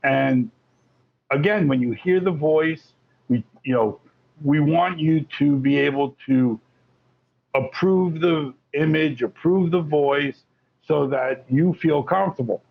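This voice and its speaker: A gravelly man from Florida speaks slowly in a fairly high voice as a guest on an interview show. He's chatty and animated in this casual interview, frequently restarting sentences, and the audio is muffled and lo-fi.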